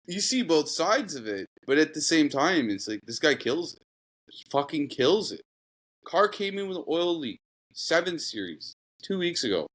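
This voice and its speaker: Swearing mechanic with a lively, animated voice. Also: male voice, mid-range voice. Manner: profane, animated, acts out the people in his stories. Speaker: guest mechanic. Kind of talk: casual storytelling.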